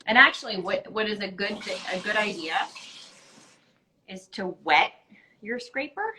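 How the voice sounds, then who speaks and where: A woman's voice: medium pitch, expressive, a little slow, background noise. A tired woman explaining step by step how she bakes, chatting casually on a live stream. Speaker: baker showing a recipe.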